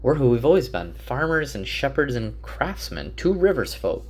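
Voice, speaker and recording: A man's voice: mid-range voice, sing-song, moderate pace, voice pushed up. A man voicing a proud, defiant village farmer speaking indignantly.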